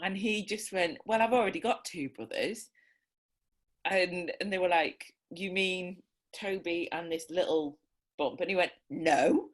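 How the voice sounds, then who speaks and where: A woman's voice: lowish voice, a little slow. A woman, a bereaved parent, telling candid stories over a video call, laughing often as she talks. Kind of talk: candid conversational storytelling.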